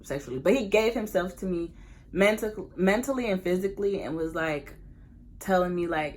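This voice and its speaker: A young woman, telling a candid, animated personal story as a casual storytime vlog, full of slang and laughter. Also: lowish voice, normal speed, slight background noise. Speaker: vlogger.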